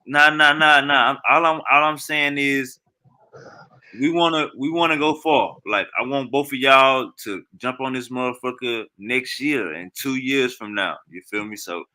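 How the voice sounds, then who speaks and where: A man hosting a live-stream debate, calming his guests in a laid-back, repetitive way. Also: medium pitch, moderate pace.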